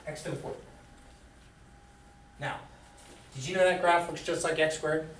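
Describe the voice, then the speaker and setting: A man's voice: fairly high pitch, fairly even intonation, a little slow, a bit bright, slight background noise. A man teaching a math class in a classroom, quizzing students with fill-in questions. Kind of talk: classroom lecture. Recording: echoey room, far from the mic.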